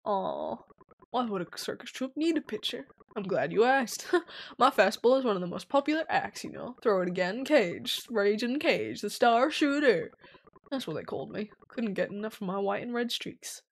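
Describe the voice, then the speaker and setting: A woman voicing a boastful, brawny middle-aged male circus pitcher who talks in a swaggering, self-important way. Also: sing-song, moderate pace.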